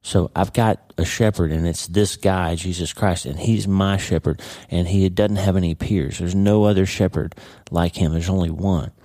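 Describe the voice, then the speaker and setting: Middle-aged male podcast host, deep mellow voice, casual devotional teacher, conversational. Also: steady tone, normal speed, no room sound. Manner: conversational, with frequent "okay?" and "right?" tags.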